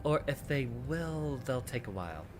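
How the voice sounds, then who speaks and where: A man's voice: mid-range voice, very animated, moderate pace, noisy background. A man streaming a video game, chatting with viewers in a playful, theatrical way. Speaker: VTuber streamer. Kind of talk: casual gameplay commentary. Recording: game music behind.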